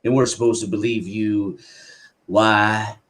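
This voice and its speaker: A man's voice: fairly low pitch, level tone, takes it slowly, a bit bright. Man playing a folksy cactus bandit. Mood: menacing. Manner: ungrammatical, folksy drawl. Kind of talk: stage play acting.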